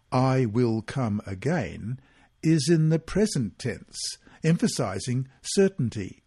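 Husky man reading a Bible study. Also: mid-range voice, a little mellow. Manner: measured, earnest reading with scripture passages read aloud. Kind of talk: read-aloud Bible study guide.

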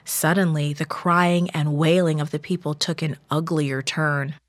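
Woman narrator, slow and measured, lowish voice, dry close sound. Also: fairly even intonation, no echo. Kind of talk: scripted storybook narration.

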